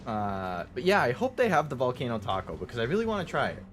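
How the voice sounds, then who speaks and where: A man's voice: mid-range voice, huge pitch swings, fast talker, slight background noise. A male streamer chatting casually while playing a game, rambling with lots of "like"s.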